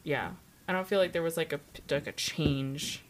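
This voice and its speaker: Low-pitched, animated woman guest, filler-heavy, heavy crowd of voices behind. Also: normal speed, rough recording. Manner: trailing off, filler-heavy reflection. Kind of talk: casual chat.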